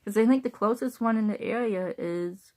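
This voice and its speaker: A woman's voice: fairly high pitch, moderate pace, a little mellow. A woman talking casually to her viewers, rambling and repeating herself, with bursts of laughter between thoughts. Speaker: vlogger.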